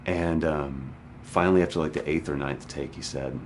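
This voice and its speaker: A man's voice: very deep voice, fairly even intonation, brisk, noisy background. A male actor being interviewed, telling a story about a hard scene in an earnest, frank and wry way. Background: music.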